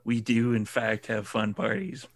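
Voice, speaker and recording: Gruff, gravelly man in sarcastic role-play. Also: on the low side, steady tone, measured pace. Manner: gruff, sarcastic, laid-back. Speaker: player. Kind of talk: in-character tabletop role-play.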